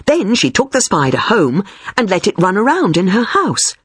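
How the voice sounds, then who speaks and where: A woman narrating a first-person story as scripted reading, expressive and deliberate. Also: mid-range voice, slightly rough, no echo, studio quality.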